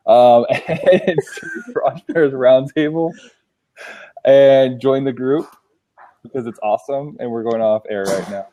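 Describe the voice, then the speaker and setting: A man hosting a casual online talk show, speaking easygoingly with a slight Southern accent. His voice sits at an ordinary middle pitch. He keeps things light and conversational. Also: a little slow, mellow. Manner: easygoing, self-conscious about his accent. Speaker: show host. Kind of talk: casual chat.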